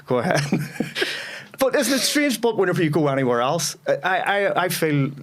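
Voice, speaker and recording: A man's voice: sits high, big pitch swings, normal speed. A Northern Irish man hosting a podcast, blunt and swearing freely, often restarting his sentences. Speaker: podcast host. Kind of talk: casual podcast chat.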